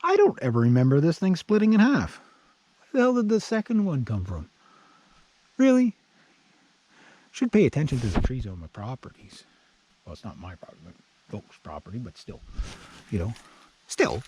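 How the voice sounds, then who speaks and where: A man's voice: medium pitch, huge pitch swings, moderate pace, long pauses, a little mellow, a little hiss or hum. A middle-aged man from Canada talking casually as he walks around his yard, rambling with asides and the odd swear word. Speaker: vlogger. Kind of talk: casual walkaround explainer. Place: outdoors in a wooded yard.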